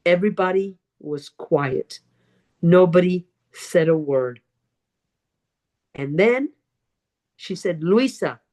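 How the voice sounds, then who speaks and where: Speaking at a public speaking club, a woman recounts a dramatic story from her own life in a fairly low, slightly mellow voice. She plays out what other people said and stresses her points through repetition and purposeful pauses.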